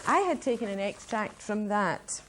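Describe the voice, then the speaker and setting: A woman's voice: mid-range voice, animated, normal speed, a bit bright. Enthusiastic Scottish woman giving a talk. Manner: enthusiastic, chatty. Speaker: presenter at a language workshop. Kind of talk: public talk to an audience.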